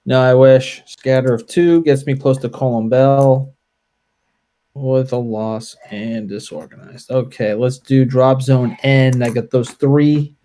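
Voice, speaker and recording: A man playing a tabletop wargame, calling out dice results and unit moves in a relaxed, deliberate way. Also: mid-range voice. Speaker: wargame player. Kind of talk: casual play-through commentary.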